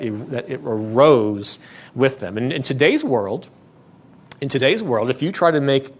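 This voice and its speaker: A man pastor preaching a sermon in a church, earnest and emphatic, often restarting his phrases. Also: medium pitch.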